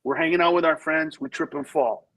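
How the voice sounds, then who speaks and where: A comedian guest on a talk show, telling candid stories and acting out the people in them. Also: male voice, fairly high pitch, a little fast, low-quality recording. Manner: animated storyteller who acts out voices in quotes.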